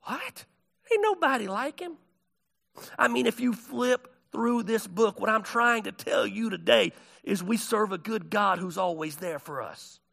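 A man preaching a sermon, telling stories with big swings between hushed and shouted delivery. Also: high voice, measured pace, gravelly. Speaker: pastor.

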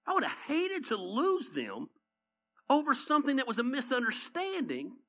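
Animated Southern pastor preaching. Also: male voice, very high-pitched, moderate pace. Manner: animated storytelling, repeats points for emphasis. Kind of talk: conversational sermon.

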